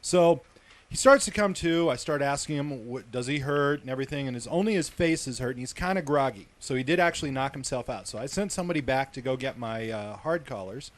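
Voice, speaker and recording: A man's voice: mid-range voice, lively intonation, fairly quick. A middle-aged man telling a gross work story on a radio talk show, chatty and laughing, swearing freely. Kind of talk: casual storytelling banter.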